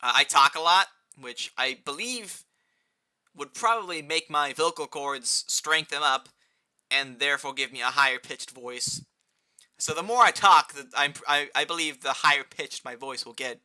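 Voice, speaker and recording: A young man chatting casually on a live gaming stream, rambling and answering chat, with a fairly high-pitched voice and keyboard clicks near his desk mic. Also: normal speed, clean tone. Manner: rambling, answers chat, rising excited outbursts.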